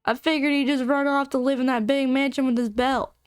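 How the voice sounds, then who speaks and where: A woman voicing a gruff old male miner with a put-on Southern accent and a folksy drawl. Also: high-pitched, little pitch movement, fast, no room sound, clean studio sound, lightly acted.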